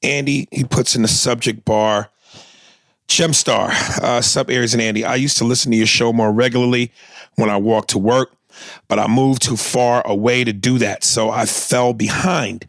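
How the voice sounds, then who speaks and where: Gravelly-voiced blunt male podcast host. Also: mid-range voice, fairly even intonation, normal speed, dry recording. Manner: profane, blunt, reads aloud with acted bits. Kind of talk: casual podcast chat, reading listener emails.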